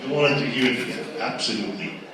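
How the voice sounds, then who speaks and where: A man moderating a panel at a live event, speaking forcefully with repeated rhetorical questions. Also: mid-range voice, quick pace. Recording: echoey hall from far off, noisy.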